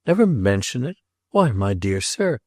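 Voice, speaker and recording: A man's voice: mid-range voice, expressive, moderate pace, dark tone, dry recording, studio quality, natural voice. A man voicing a pompous, wealthy older patron in a read novel, with a sonorous, self-important delivery.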